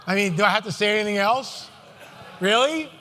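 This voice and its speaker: A man giving a live Christian prophecy talk to an audience, sarcastic and animated, full of rhetorical questions. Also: high voice, brisk. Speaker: conference speaker. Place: large hall. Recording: long hall reverb.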